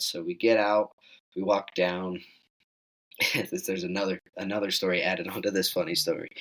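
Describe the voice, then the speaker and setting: A teenage young man telling a hunting story in casual chat, acting out the quoted lines in a raised voice. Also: rough recording. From Wyoming. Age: teens. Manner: animated, acts out quoted dialogue in higher voice. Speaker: guest hunter.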